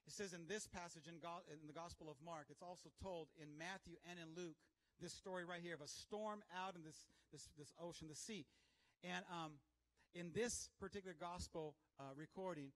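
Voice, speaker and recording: A male pastor delivers a lively sermon in a fairly high voice. He calls out to his congregation for answers and keeps his energy up throughout. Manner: energetic, call-and-response with congregation.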